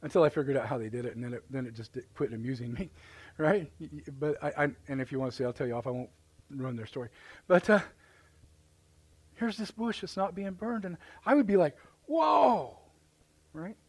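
A man's voice: medium pitch, fast talker, a little mellow, breathy edge. A man with a Midwestern American accent, preaching a live sermon as pastor in folksy storytelling, acting out voices and exclamations. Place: church sanctuary, live service.

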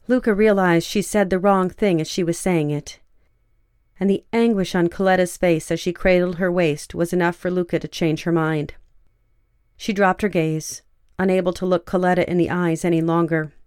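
Smooth, low-voiced woman narrator. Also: steady tone, normal speed, darkish tone, no echo, clean studio sound. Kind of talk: audiobook fiction narration.

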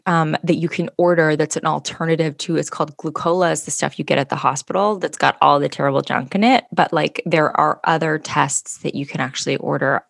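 A woman in casual chat, telling a story in an animated way and acting out the people in it. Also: low-pitched, brisk, vocal fry, few pauses, no room sound. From Canada. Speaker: podcast co-host.

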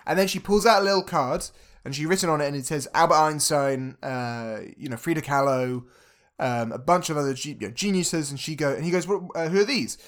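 A man co-hosting a casual podcast, retelling a film's scenes and quoting the characters in a quieter voice. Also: on the high side, fairly quick. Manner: retells scenes, acting out quotes in a softened voice. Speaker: podcast co-host. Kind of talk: casual film recap chat.

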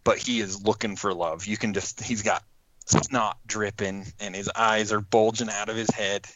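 A man's voice: fairly low pitch, moderate pace, lo-fi sound, noisy background. A man casually telling a hunting story, acting out quotes and laughing as he goes. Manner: animated, acts out quotes with laughs.

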